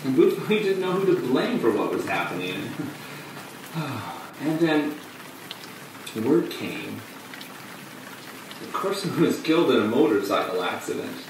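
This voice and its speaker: An actor playing a male off-off-Broadway performer who tells his story in a halting way, with dark, bitter laughs. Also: mid-range voice, very animated, noisy background. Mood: rueful. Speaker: actor in a monologue. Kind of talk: stage monologue on film. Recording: distant echoey room with rain.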